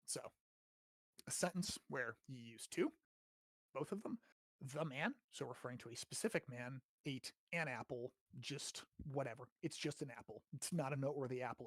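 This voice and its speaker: A man's voice: mid-range voice, moderate pace, a bit bright, slightly rough, no echo, studio quality. An American man hosting a casual grammar lesson, explaining in a chatty way, often checking with "right?" and swearing now and then. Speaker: host teaching grammar.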